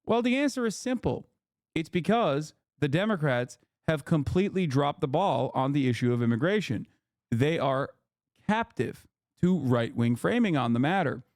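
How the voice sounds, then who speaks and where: Male Twitch streamer, exasperated profane rants, slightly high voice, dry close sound. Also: animated, moderate pace, darkish tone, dry recording. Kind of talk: political commentary livestream. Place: living room.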